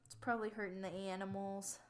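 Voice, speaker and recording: A woman's voice: medium pitch, little pitch movement, a little fast. A young woman from the United States co-hosting a podcast, chatting casually and animatedly with lots of filler words. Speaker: podcast co-host. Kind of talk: casual chat.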